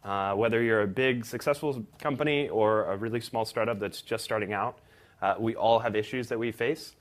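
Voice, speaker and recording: A man's voice: lowish voice, normal speed. A young man, giving a conference talk about his startup in a self-deprecating way, full of ums and restarts. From Texas. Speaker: startup presenter.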